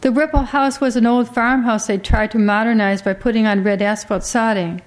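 A woman reading a literary story aloud as an audiobook narrator, in a measured, quietly dramatic way. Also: fairly high pitch, steady tone.

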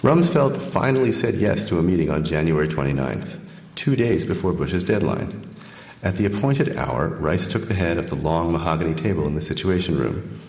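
Very deep-voiced man in an echoey hall. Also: expressive, vocal fry, a little mellow. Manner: measured reading, many fillers when speaking freely. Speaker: author giving a talk. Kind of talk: book reading and Q&A. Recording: echoey hall, long reverb.

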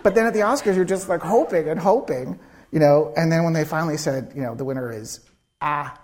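Slightly high and slightly fast, this man's voice belongs to a screenwriter guest telling stories during a live onstage interview. He animatedly acts out quotes and laughs often, and the recording has a little hiss or hum.

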